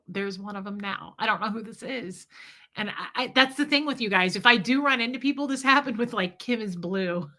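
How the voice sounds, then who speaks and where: Here a woman vlogger, her medium-pitched voice bright and forceful, answers viewer comments while telling a story. She keeps it candid and chatty, laughing frequently and turning to speak to her audience.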